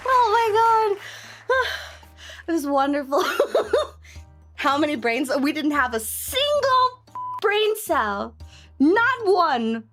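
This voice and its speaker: A young woman streamer chatting casually, telling stories in an excitable, gushing way. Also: extremely high pitch, drawn-out words, long pauses, faint music behind. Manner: excitable, gushing storyteller with lots of laughter. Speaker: VTuber streamer.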